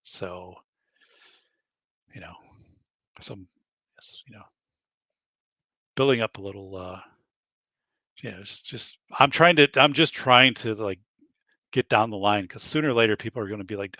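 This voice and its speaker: Gravelly guy rambling on his podcast, tight dry studio sound, does little voices for the quotes. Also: lowish voice, moderate pace, pauses often, bright, forceful tone, dry recording. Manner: rambling, acts out quoted dialogue, laughs at own stories. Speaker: podcast host. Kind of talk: casual chat.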